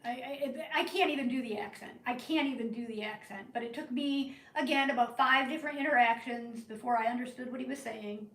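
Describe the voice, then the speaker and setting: A woman telling a rambling story to her live chat from the northern United States, in an animated, chatty way. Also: on the high side, brisk, hardly any pauses. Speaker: live-stream crafting host. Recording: roomy, from a distance.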